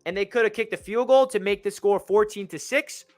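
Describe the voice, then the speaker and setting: A young man excitedly recapping a football game as a fan channel host, rambling and correcting himself as he goes. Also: high voice, a little fast, soft background music. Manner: energetic, rambling, self-correcting.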